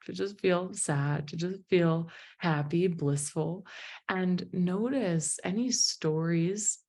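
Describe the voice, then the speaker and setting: A woman giving a motivational talk to a group at an evening presentation, telling a personal story in an emotive, animated way. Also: on the low side. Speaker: motivational speaker and business founder.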